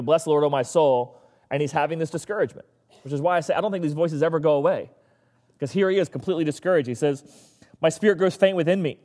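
A man's voice: fairly high pitch, a little mellow, long reverb tail. A male pastor giving a casual, conversational sermon and acting out the voices of the people he talks about.

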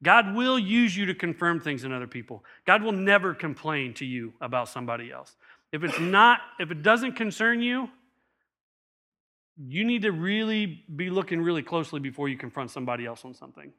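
Bright-voiced man preaching a sermon. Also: a little high, fairly quick. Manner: animated storytelling, acts out voices in quotes. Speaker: pastor.

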